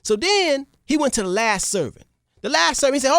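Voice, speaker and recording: Gravelly, lively radio talk host. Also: high-pitched, moderate pace, dry recording, clean studio sound. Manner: animated, repetitive, checks in with listeners.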